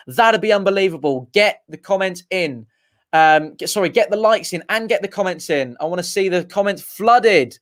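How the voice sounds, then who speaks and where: A young man with a high voice calls the match for viewers of a fan stream. He chats with the audience between bursts of partisan excitement. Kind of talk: live fan commentary with chat.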